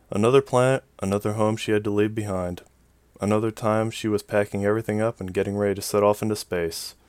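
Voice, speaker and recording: A man narrating a science fiction story in an even, measured way. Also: fairly low pitch, dry recording. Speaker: audiobook narrator. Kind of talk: scripted narration.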